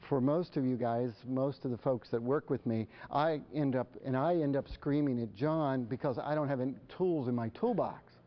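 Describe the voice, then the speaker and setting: A man's voice: on the high side, dull audio. Man giving a chatty live talk. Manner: conversational, asks the audience questions. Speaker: speaker addressing parents. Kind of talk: live presentation. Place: before a live audience.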